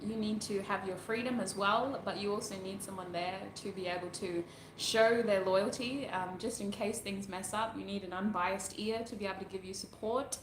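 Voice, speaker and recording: A woman's voice: medium pitch, fairly even intonation, moderate pace. Chatty woman in an echoey room. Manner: chatty and rambling, laughs often. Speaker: tarot reader, channel host. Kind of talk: casual livestream chat, answering viewer comments. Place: at home doing makeup. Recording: roomy echo, faint background noise.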